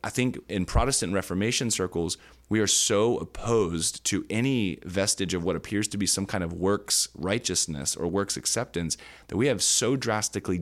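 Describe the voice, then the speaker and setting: Low-voiced earnest man teaching scripture. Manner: earnest, searching for words with many fillers. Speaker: podcast co-host. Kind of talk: conversational Bible teaching. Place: indoor podcast studio.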